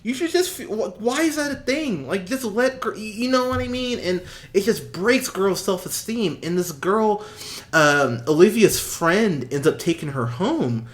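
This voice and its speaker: Podcast co-host, man, slightly high voice, animated casual movie chat with frequent laughs. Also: unhurried. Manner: animated, swings loud and soft, laughs often.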